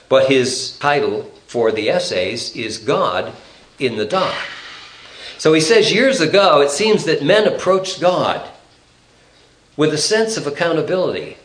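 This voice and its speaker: Man preaching, expository sermon, animated pitch, echoey room. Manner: measured, explanatory, reads scripture aloud.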